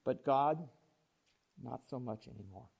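A man preaching a sermon, dramatic and humorous, swinging from hushed asides to loud excited outbursts as he acts out Bible characters. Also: mid-range voice, a little slow, vocal fry, slightly rough, lo-fi sound. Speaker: pastor.

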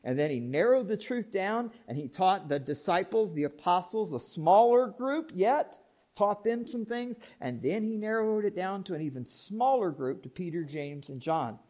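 With a voice that sits high and a normal speaking speed, this pastor preaches dramatically and with humor, acting out Bible characters and veering between quiet asides and loud, excited bursts.

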